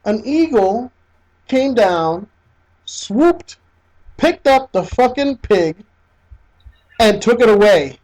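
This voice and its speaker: A man co-hosting a casual gaming podcast, telling stories with lots of swearing, restarts and excited outbursts. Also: sits high, takes it slowly, long pauses, low-quality recording. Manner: excitable storyteller, swears freely, many restarts. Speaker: podcast co-host. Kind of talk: casual chat.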